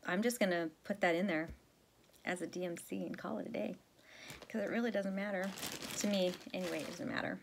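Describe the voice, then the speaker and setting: Chatty woman, lowish voice. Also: steady tone, fairly quick, gravelly, a little hiss or hum. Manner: chatty, rambling, many fillers and self-corrections. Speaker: cross-stitch vlogger. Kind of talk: casual chat to viewers.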